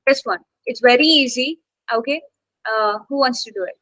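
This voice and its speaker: A woman's voice: a little high, normal speed, sharp tone, no echo, poor audio. A woman instructor teaching an online English class, coaxing students to take part, with many fillers.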